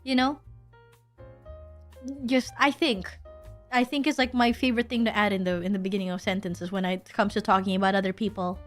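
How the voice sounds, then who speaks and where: A woman's voice: medium pitch, steady tone, fairly quick, pauses often, faint music behind. A young woman streaming, chatting casually and rambling, with lots of restarts and self-deprecating asides. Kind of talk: casual livestream chat.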